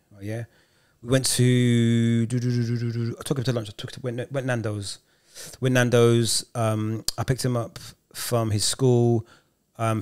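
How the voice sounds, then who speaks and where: A man co-hosting a podcast, telling stories in a lively, slangy, casual way. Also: medium pitch. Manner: animated storyteller with street slang. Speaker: podcast co-host, youth worker.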